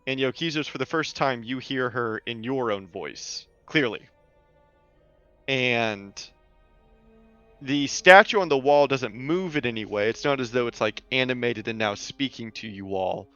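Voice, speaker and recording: A man's voice: mid-range voice, a little slow, pushed and bright, clear, resonant tone, no room sound, highs cut off, soft background music. A man running a tabletop game, narrating scenes casually with fillers. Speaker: game master.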